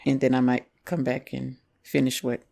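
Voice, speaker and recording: Man, gravelly voice, podcast co-host, reflective, measured casual chat. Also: medium pitch, monotone, mellow. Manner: reflective, measured, faith-minded. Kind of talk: casual movie review chat.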